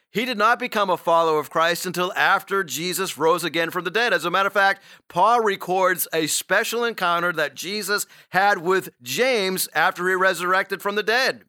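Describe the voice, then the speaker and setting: A man's voice: high voice, pushed and bright, clear, resonant tone, no echo, studio quality. A man preaching a sermon, earnest and encouraging, with rhetorical questions to the congregation. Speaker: pastor.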